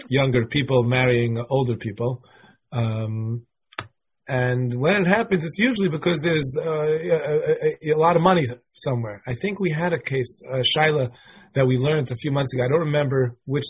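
A man's voice: medium pitch, slight background noise. A middle-aged man teaching a Torah class in a casual, conversational way, thinking aloud as he explains the texts.

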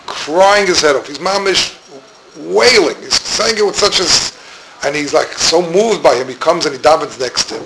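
A middle-aged man, teaching a Torah class in a loose, wandering way. His voice sits a little high for a man, and he often stalls while he hunts for a word. The recording carries steady background noise. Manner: rambling, searching for words, mixes Hebrew and Yiddish terms. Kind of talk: informal Talmudic lecture. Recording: noisy room recording.

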